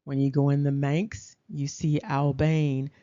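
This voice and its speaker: A woman talks through a lecture at a slow, measured pace. Her voice is warm and dark in tone, and she checks in with her audience as she goes. The recording sounds dull and lo-fi. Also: low-pitched, flat delivery. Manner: deliberate, checks in with "okay?". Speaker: lecturer presenting slides.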